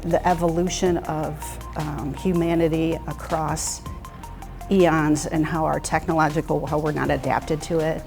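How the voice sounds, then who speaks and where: Middle-aged woman, low and gravelly, candid reflective interviewee, soft music bed. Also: little pitch movement, a little slow. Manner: reflective, candid, with frequent restarts. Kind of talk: interview storytelling.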